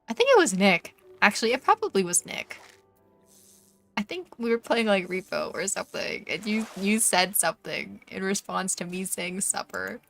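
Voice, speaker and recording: A woman's voice: medium pitch, animated, normal speed, vocal fry, a bit bright. A young Canadian woman streamer with a Canadian accent, chatting casually and teasingly with viewers while gaming, full of fillers. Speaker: VTuber streamer. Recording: faint background music.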